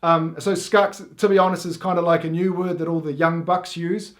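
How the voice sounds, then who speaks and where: Middle-aged New Zealand man, comedic host; rambling deadpan explainer who keeps sidetracking himself, slightly raised pitch. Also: moderate pace. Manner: rambling, full of filler words and self-interruptions.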